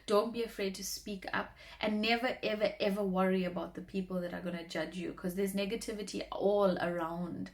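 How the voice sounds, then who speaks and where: A woman's voice: medium pitch, steady tone, fairly quick, hardly any pauses. A woman, a former radio talk show host, giving earnest, encouraging advice in a motivational vlog, often repeating words for emphasis.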